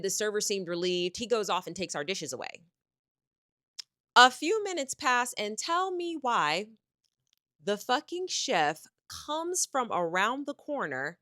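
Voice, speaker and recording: Young american woman dishing a spicy storytime, super lively swoopy voice, bright and dry. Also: mid-range voice, no room sound. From United States. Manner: sassy, profane, dramatic storytelling. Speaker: travel vlogger. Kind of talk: storytime vlog.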